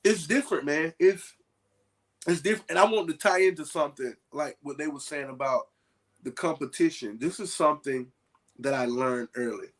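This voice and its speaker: A man talking casually to a group, telling lively stories with folksy asides. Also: fairly high pitch, moderate pace. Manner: animated storytelling with folksy asides.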